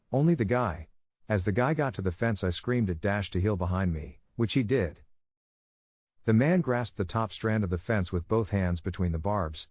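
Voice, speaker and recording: A man's voice: lowish voice, dry recording. A man narrating a first-person horror story in a tense, gripping way. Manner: tense first-person retelling with shouted quotes. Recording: dry dull lo-fi audio.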